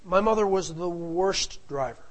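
A man's voice: high voice, a little slow, a little hiss or hum, rough recording. Rambling middle-aged man telling a story. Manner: rambling, digressive, with frequent asides. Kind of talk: casual anecdotal storytelling.

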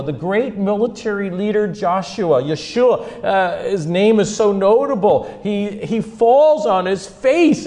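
A man giving an animated sermon, retelling Bible stories and swinging from quiet asides to loud, emphatic peaks. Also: high voice. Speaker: speaker teaching on faith and mental health.

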